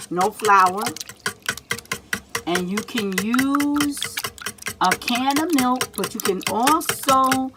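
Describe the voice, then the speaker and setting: Woman doing a cooking demo in her home kitchen, middle pitch, faint noise behind, chatty and repetitive, keeps asking if you see it. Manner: chatty and repetitive, checks in with "see?" and "all right?"; teacherly, speaks directly to children and teenagers. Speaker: home cook. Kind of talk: casual cooking demonstration.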